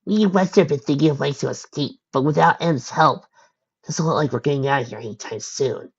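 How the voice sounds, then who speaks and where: A man voicing a young male pony, frantic and devoted to his brother, in a shrill high voice. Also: fairly quick, husky, lo-fi sound. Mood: gentle.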